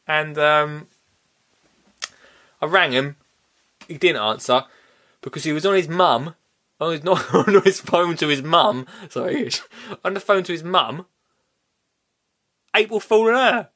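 A man hosting a podcast, telling a story in a casual, animated way and laughing often. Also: high voice, measured pace, long pauses. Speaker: podcast host.

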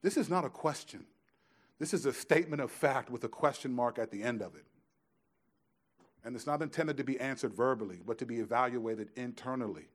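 Emphatic pastor, quiet then loud. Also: male voice, medium pitch, fairly quick. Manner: conversational, casual storytelling asides. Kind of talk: sermon.

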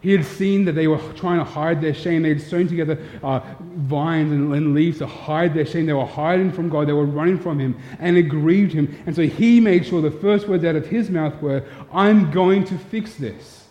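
A man's voice: fairly high pitch, moderate pace, hardly any pauses, mellow. A man preaching a sermon, earnest and storytelling, putting direct questions to his listeners. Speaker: pastor. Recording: echoey hall, dull lo-fi sound.

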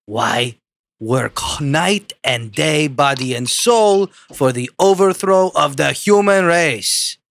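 A man's voice: on the high side, lively intonation, slow pace, creaky, fairly bright tone, no room sound, exaggerated voice. A man reading aloud as an old male boar rousing the animals to revolt, with a mock foreign accent. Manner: mock Russian-style accent, speech-making. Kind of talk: comic read-aloud.

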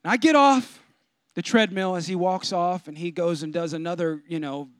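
A man preaching a sermon as pastor, telling a comic story and swinging from low asides to loud preaching. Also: moderate pace, clean tone, no room sound. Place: church.

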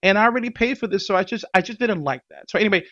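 Lively man telling a story, casual. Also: sits high, rapid-fire, highs cut off. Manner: animated, laughs often, acts out quotes.

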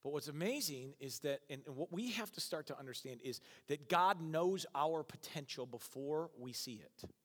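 A man preaching a sermon as pastor, joking and acting out quick voices for the people in his story. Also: a little high. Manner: animated, jokey, acts out voices. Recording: long hall reverb.

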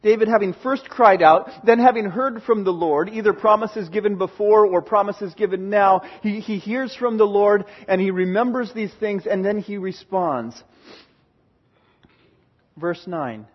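Man, sermon, high voice, unhurried, emphatic preaching, dull lo-fi sound. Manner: earnest, emphatic, paraphrasing God in a booming voice. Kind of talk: sermon, expository Bible teaching.

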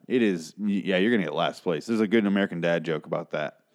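A man's voice: low voice, brisk, a little mellow. A man ranting casually about an old TV episode, exasperated and profane, rambling with lots of asides.

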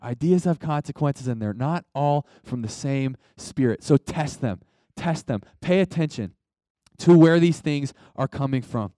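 A man's voice: mid-range voice, moderate pace, mellow, no echo. A young man preaching a sermon in a conversational, emphatic way, calling out to the congregation for responses. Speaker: pastor.

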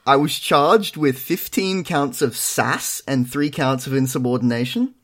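A young man on a casual podcast, dry and self-mocking. His voice sits at an ordinary middle pitch, and he tells his stories with an easy, even delivery. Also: a little slow. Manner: dry, self-deprecating storytelling. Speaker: podcast co-host. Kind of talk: casual chat.

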